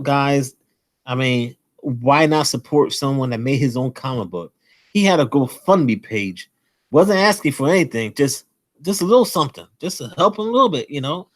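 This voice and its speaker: A man hosting a comic collecting channel, enthusiastically and nervously rambling through shout-outs to small creators. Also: mid-range voice. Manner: admits to nerves, pauses to breathe. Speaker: host. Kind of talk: casual channel shout-out monologue.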